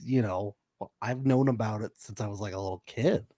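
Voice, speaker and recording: A man's voice: on the low side, brisk, dark tone, no echo. A man co-hosting a casual podcast recap, making dry joking asides. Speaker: podcast co-host.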